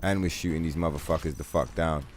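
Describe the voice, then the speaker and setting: During a casual game stream, this man rambles profanely through long comparisons and breaks into laughter. He talks fast in a bass voice with fairly even intonation, over some background noise.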